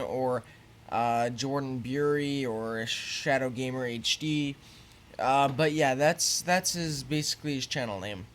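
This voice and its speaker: A teenage boy telling a story to his viewers in a rambling, casual way, full of fillers and swearing, getting louder when annoyed. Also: mid-range voice. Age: teens. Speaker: YouTuber.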